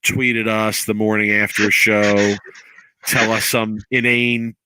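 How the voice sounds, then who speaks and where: Low, bright-edged man hosting casually. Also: level tone, a little hiss or hum. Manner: halting, repeats words as he starts sentences. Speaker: podcast co-host. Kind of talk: casual chat.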